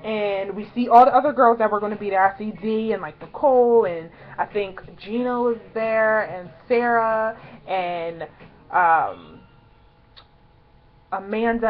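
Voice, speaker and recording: A young woman vlogger telling a story in a casual, chatty way, excitedly acting out quotes in higher voices. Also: phone-quality sound.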